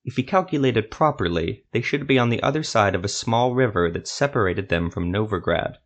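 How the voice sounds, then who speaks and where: Low-voiced man narrating a fantasy story. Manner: steady, measured storytelling.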